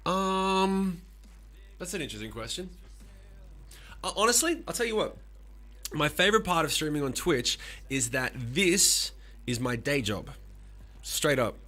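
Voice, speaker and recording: A man in his forties, a musician streaming live, talking casually with animated, profane rants and answering chat. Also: a little high, unhurried, long pauses.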